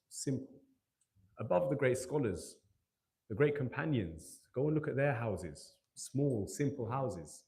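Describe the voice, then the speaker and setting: A man's voice: medium pitch, a little mellow. A man gives a religious talk to young people in a hall, telling stories, acting out quoted dialogue and asking rhetorical questions. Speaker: youth majlis speaker.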